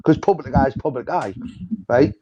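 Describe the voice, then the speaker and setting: A man's voice: medium pitch, normal speed, lo-fi sound. A man calling into a livestream who mocks and taunts his opponent. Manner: mocking, taunting. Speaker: livestream caller. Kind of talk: heated livestream argument. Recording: loud background noise.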